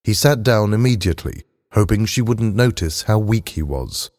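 A man narrating a story aloud in a steady, unhurried reading. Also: on the low side. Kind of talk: audiobook narration. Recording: long hall reverb.

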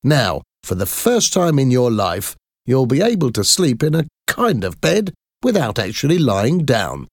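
A man's voice: medium pitch, big pitch swings, a little slow, no room sound, studio quality, voice pushed up. A man voicing a proud, helpful Victorian engineer explaining eagerly.

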